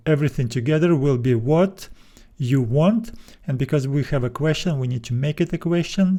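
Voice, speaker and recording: A man teaching a video lesson, patiently explaining and slowing down to spell out words. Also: a little high, warm tone. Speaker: Greek teacher.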